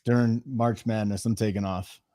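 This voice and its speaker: A man in his forties co-hosting a sports betting show, trading crude deadpan jokes in casual chat. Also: fairly low pitch, normal speed, no echo, studio quality. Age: 40s.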